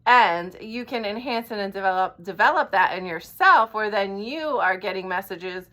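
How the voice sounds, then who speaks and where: Bright-voiced coach lady, earnest and blunt, keeps asking "right?" as she goes. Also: mid-range voice, expressive, moderate pace. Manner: earnest, repeats "right?" after points; blunt, swears casually. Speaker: life coach. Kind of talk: direct-to-camera coaching talk.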